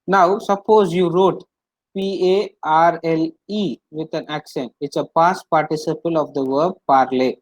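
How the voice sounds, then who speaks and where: Slow, patient male language teacher. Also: fairly high pitch, fairly even intonation, no room sound, poor audio. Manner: patient, repetitive explaining with many fillers. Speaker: French teacher. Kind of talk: online language class.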